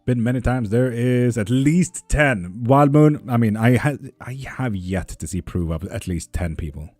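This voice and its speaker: A man's voice: medium pitch, animated, unhurried, darkish tone, no room sound. A man hosting a live tarot stream, chatting casually with viewers and reading their comments. He talks in a joking, rambling way and swears freely.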